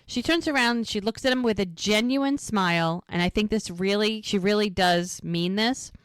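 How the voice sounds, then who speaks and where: A woman's voice: mid-range voice, clean tone, no echo. A woman co-hosting a podcast, recapping a TV episode in a casual, chatty way and quoting the characters' lines as she goes. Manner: retells scenes, acting out the lines in quick quotes. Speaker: podcast co-host.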